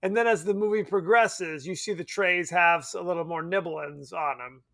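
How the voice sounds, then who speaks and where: A man co-hosting a podcast in casual chat, animated, laughing often and swearing casually. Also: high-pitched, normal speed, creaky. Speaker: podcast co-host. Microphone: remote podcast mic.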